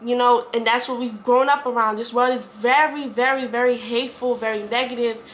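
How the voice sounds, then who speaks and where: A woman's voice: on the high side, fairly even intonation, brisk. A woman, talking earnestly to camera in a rambling, repetitive way. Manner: earnest, rambling, repeats herself. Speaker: vlogger. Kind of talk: heartfelt casual talk to camera.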